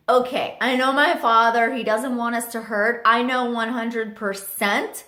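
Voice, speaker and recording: A young woman telling a chatty storytime vlog story, animated with lots of fillers. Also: fairly high pitch, unhurried, few pauses. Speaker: vlogger. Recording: roomy echo.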